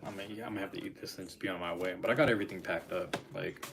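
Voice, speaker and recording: A man's voice: sits low, fairly even intonation, very fast, vocal fry, over music. A young man casually chatting on his live stream, laid-back and rambling, with loose slang.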